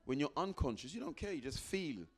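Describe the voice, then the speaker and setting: A man giving a motivational talk to a live audience, repeating phrases for emphasis and acting out little exchanges with sudden jumps into a high voice. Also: fairly quick. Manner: animated, acts out little dialogues with sudden high jumps in pitch. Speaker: guest speaker.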